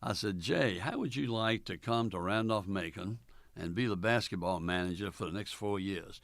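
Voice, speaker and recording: An older man, a former college basketball coach, telling stories in an oral history interview in a folksy, unhurried way with many fillers, acting out the dialogue. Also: low-pitched, gravelly, fairly bright tone, no echo, clean studio sound.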